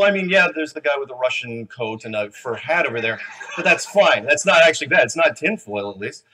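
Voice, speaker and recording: Bright-voiced man fielding audience questions. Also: a little high, husky. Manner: loose, rambling, joking with the crowd. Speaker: conference speaker answering audience questions. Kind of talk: live Q&A. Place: conference hall.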